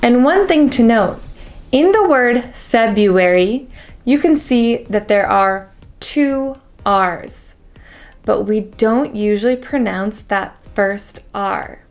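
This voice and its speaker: A woman with an American accent teaching pronunciation as a coach, drilling each word slowly and carefully with many repeats. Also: a little high, animated. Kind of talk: pronunciation lesson.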